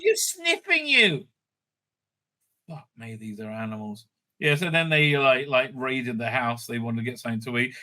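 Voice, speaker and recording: A middle-aged man, a rabbi, rambling through casual commentary in a profane, animated rant full of restarts and asides. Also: medium pitch, fairly quick.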